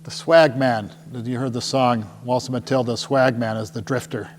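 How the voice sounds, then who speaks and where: A man's voice: medium pitch, steady tone, moderate pace. Middle-aged male presenter, mid-range voice, chatty and jokey with a live crowd; reverberant hall sound. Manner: jokey and chatty, often asks the crowd "right?". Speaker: tour company presenter. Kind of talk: casual presentation to a live audience. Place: meeting room with a small audience. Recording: long hall reverb with faint hum.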